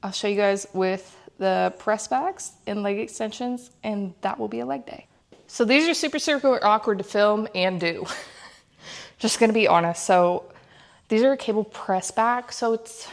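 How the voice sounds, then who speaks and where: A woman's voice: mid-range voice, vocal fry. Breathless young woman vlogging her workout. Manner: chatty, laughs often between sets. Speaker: fitness vlogger. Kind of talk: casual workout vlog. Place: home gym.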